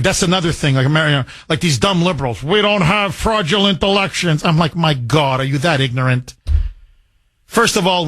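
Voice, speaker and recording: Male talk radio host, high-pitched, emphatic and repetitive, dry studio sound. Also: fairly bright tone, no echo. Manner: emphatic, repetitive, rambling asides. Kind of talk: call-in political talk radio.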